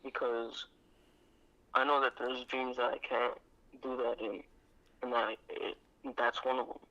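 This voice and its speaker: A man guest in casual chat, speaking slowly and reflectively. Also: mid-range voice, flat delivery, sharp tone, muffled recording. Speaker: podcast guest.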